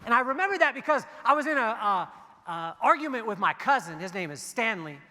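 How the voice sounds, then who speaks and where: On stage in a large hall, a male keynote speaker gives a motivational talk, telling stories and joking with the audience. His very high-pitched voice is very animated, a little fast, pushed and bright, with long hall reverb around it.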